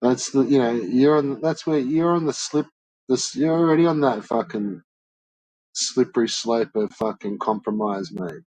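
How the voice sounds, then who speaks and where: A man's voice: mid-range voice, moderate pace, a little mellow, dry recording, poor audio. A man streaming and ranting to his chat in a blunt, profane, swear-filled way. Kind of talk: casual rant to chat.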